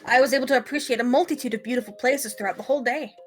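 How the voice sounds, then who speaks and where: A woman's voice: fairly high pitch, racing, faint music behind, close to an everyday voice. A woman voicing an earnest young man, speaking in a subdued, polite way while reading a visual novel aloud.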